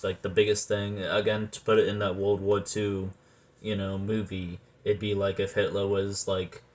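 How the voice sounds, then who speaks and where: A man in casual rambling talk as a movie reviewer, animated, swearing often and trailing off with fillers. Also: fairly low pitch.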